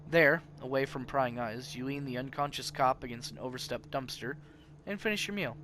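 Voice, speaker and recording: Male let's-play host, middle voice, animated story narration, faint background noise. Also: mid-range voice, normal speed. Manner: animated reading with big swings in loudness. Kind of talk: reading a game's narration aloud.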